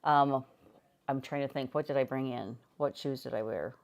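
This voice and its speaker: A woman's voice: extremely low pitch, moderate pace, vocal fry. An older woman from the United States hosting a casual live-stream chat, talking in a meandering, chatty way with frequent restarts. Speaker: host.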